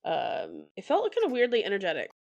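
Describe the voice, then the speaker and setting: Woman co-host, relaxed casual talk, reads quotes aloud, mid-pitched. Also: brisk, vocal fry, lo-fi sound. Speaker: podcast co-host. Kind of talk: casual book-club chat.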